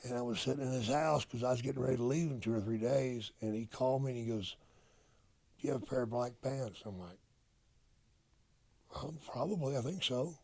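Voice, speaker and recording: An older man, a retired wrestler, telling stories in a casual interview, profane and animated as he acts out old conversations. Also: medium pitch, brisk, pauses often. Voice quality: gravelly, husky. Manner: profane, animated storyteller acting out quoted dialogue.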